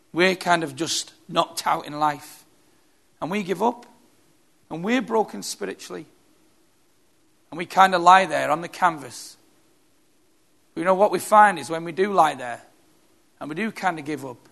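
Male preacher, gravelly, slightly high voice, emphatic repeating sermon style. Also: fairly bright tone.

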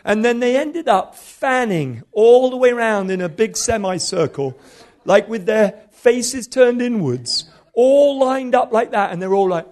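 High-voiced man in his fifties, a preacher delivering a sermon through animated, funny stories. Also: measured pace. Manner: animated, humorous storytelling. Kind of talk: storytelling sermon.

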